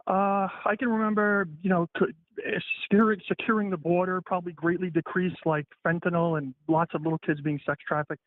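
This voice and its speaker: A man's voice: high voice, little pitch movement, brisk, no echo. A man calling into a political show, combative and repetitive, swearing as he argues, heard over a phone line. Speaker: caller. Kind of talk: heated phone-in argument.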